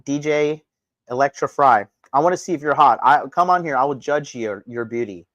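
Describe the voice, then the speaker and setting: Male livestream host, crude mocking rant, dry close sound, mid pitch. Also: normal speed, dry recording, lo-fi sound. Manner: mocking, profane, swings from loud to low.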